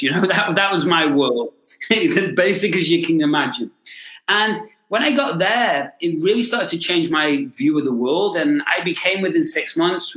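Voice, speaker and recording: A man in his forties from Liverpool, telling his story fast and animated as an interview guest. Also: on the high side. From Liverpool, England. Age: 40s. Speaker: guest, mental performance coach. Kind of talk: casual interview chat. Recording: echoey room.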